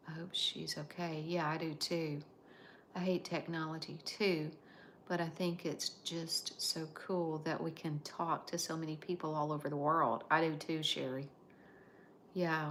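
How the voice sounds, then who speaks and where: American lady on a live stream reading chat comments, slow and bright, kinda low voice. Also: a little hiss or hum. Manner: unhurried, chatty, drawn-out phrasing. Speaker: livestream host.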